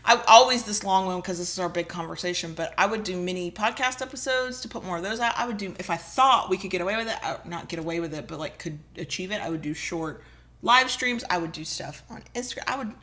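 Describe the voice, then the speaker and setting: A woman's voice: on the low side, fast talker, a bit bright. A woman, co-hosting a podcast in casual, candid chat and swearing freely. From rural southern United States. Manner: chatty and candid, swearing and laughing easily. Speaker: podcast co-host.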